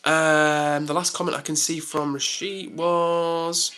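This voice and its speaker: A man's voice: on the high side, level tone, slow, sharp tone, smooth, faint music behind. A young man on a live stream, chatting casually and reading out comments with lots of "like" and "um".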